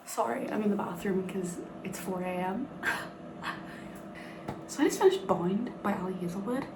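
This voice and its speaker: A woman's voice: medium pitch, moderate pace, long pauses. Young Northern Irish woman, chatty book vlogger, swears freely; echoey room, background noise. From Northern Ireland. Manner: chatty and giggly, swears freely, talks in bursts. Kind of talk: casual chat to camera. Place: bathroom at night.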